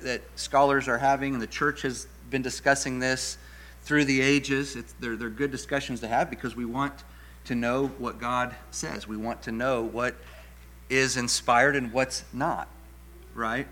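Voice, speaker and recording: A man's voice: mid-range voice, unhurried, pushed and bright. A middle-aged male pastor preaching an earnest teaching sermon, stumbling over restarts and repeated words and leaning hard on key words for emphasis.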